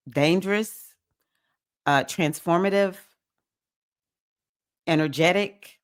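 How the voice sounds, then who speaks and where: A woman hosting a spiritual astrology circle, talking casually and animatedly to her listeners with exclamations and storytelling asides. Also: low voice. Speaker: spiritual host leading an astrology and oracle circle. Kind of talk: casual livestream talk.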